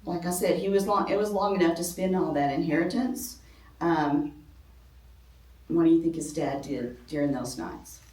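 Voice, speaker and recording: A middle-aged woman teaches a women's church class in an easy, chatty way, dropping frequent ums and the odd joke at her own expense. Her voice sits a little low for a woman. She is picked up from across a roomy classroom, so she sounds distant and echoey. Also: moderate pace, darkish tone. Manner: conversational, many ums, self-deprecating humor. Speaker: speaker at a ladies' church class. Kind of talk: informal Bible class talk.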